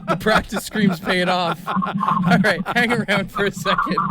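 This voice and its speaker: A man hosting a morning radio show, running call-in games with brisk, upbeat banter. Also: sits high, pushed and bright.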